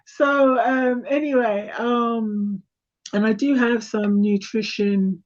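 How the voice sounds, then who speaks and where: Brief: hoarse woman host, high voice, chatty and self-mocking, dull lo-fi sound. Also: steady tone, slow. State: hoarse, voice going thin. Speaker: tarot reader and channel host. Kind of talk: casual chat.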